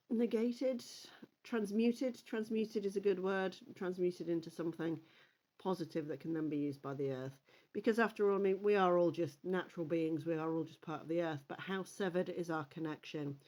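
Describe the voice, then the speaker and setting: A woman doing a casual oracle card reading, chatty and rambling with frequent ums and restarts, encouraging her listeners. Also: on the low side. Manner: encouraging, gently admonishing.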